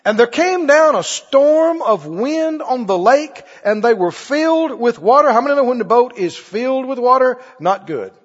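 High-voiced husky preacher in an echoey hall. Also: male voice, animated, moderate pace, hardly any pauses, muffled recording. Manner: quizzes the congregation with repeated questions. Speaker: pastor. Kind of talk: sermon.

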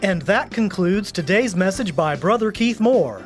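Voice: mid-range voice, animated, unhurried, soft background music. A radio announcer reading a formal closing announcement for a ministry program.

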